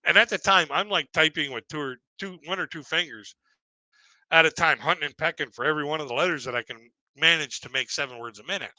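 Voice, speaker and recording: A man's voice: fairly high pitch, fast talker, pushed and bright, no echo, poor audio. A middle-aged man telling a stand-up story on a live stream, rambling and repeating himself, acting out other people in raised voices. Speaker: stand-up comedian.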